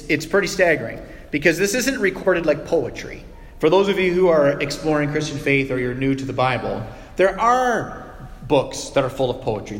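A male pastor with a slightly high voice preaches in a conversational, teaching style, using dramatic pauses and quiet, soft asides. The recording carries a long hall reverb.

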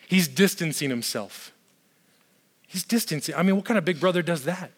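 High-voiced preaching man in a reverberant hall. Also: expressive, fairly quick, husky. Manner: emphatic, repetitive, conversational asides. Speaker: pastor. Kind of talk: sermon.

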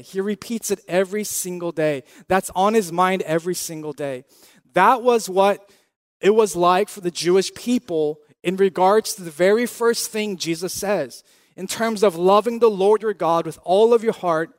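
A man's voice: high-pitched, no room sound, studio quality. A man in his thirties preaching a sermon in an earnest, conversational way, repeating key phrases and asking the listeners questions. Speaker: pastor.

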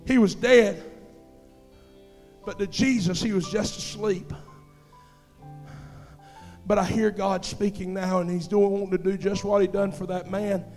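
A male pastor preaching a fervent sermon in a church, swinging between hushed, intimate passages and loud, shouted exhortations. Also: high-pitched, steady tone, a little slow, pauses often, in a large hall, soft background music. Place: church sanctuary.

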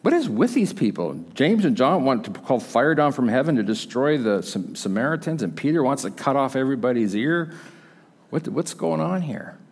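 A man's voice: mid-range voice, sing-song, moderate pace. A male pastor preaching a sermon in a conversational, emphatic storytelling manner. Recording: long hall reverb.

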